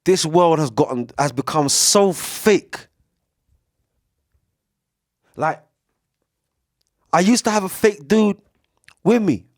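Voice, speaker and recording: A young man with gives a casual, preachy podcast monologue, swearing freely and swinging between loud bursts and hushed asides. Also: fairly high pitch, lively intonation, takes it slowly, dry recording, studio quality. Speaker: podcast speaker. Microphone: studio mic.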